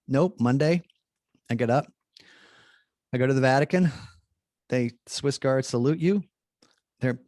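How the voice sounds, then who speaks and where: Male priest, storyteller, middle pitch, chatty with lots of restarts, acts out quotes; dry close recording. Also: unhurried, pauses often, a little mellow, no echo. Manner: chatty, many fillers and restarts, acts out dialogue. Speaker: Jesuit priest, guest speaker. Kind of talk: animated anecdote telling.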